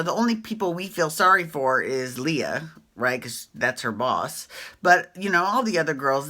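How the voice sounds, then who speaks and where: A woman's voice: low voice, sharp tone. A woman hosting a casual reality TV recap, chatty and opinionated, swearing freely and often tagging her points with "right?".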